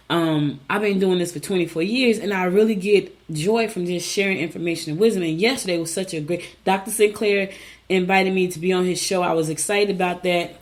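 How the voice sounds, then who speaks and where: A middle-aged woman from Newark, New Jersey hosts a casual talk show. Her voice sits a little low, and she chats with her viewers in a personal, storytelling way. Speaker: host.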